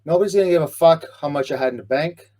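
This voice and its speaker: A man's voice: a little high, fast, warm tone. A man hosting a podcast, speaking in an earnest, reflective, heartfelt way in casual conversation. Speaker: podcast host.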